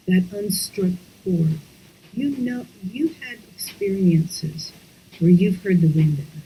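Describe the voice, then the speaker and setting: Slow, soft-spoken woman teaching breathwork. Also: mid-range voice, expressive, a little hiss or hum, low-quality recording. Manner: slow, soft-spoken, often drops into whispers. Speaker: somatics teacher. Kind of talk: guided breathwork lesson.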